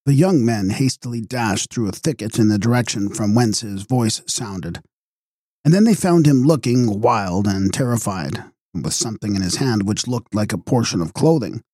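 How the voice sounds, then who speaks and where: A male audiobook narrator reads a gothic novel with measured drama. His voice is dark and mellow with some huskiness, and the recording is dry and close. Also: fairly low pitch, lively intonation, no echo.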